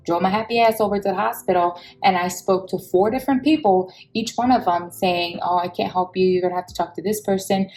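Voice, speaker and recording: A woman, telling a personal story in an expressive, heated vlog style and acting out the people she quotes. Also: mid-range voice, fairly quick, soft background music, poor audio.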